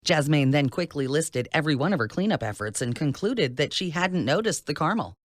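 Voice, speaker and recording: A narrator reading a novel aloud in an expressive, scripted style. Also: fairly quick, no echo, clean studio sound. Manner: expressive reading with lively pitch. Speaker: audiobook narrator.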